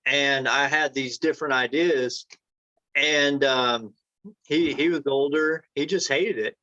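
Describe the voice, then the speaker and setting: Male interview guest, anecdotal storyteller, everyday pitch, dry muffled recording. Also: fairly even intonation, slow pace, bright, forceful tone, no room sound. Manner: rambling anecdotes, acts out quoted dialogue. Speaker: entrepreneur guest. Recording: dry, dull lo-fi sound.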